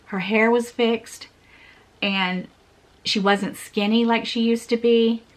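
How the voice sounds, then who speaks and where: A woman's voice: fairly high pitch, fairly even intonation, takes it slowly. A woman in her forties, a vlogger telling a personal story in an earnest, repetitive way with small laughs.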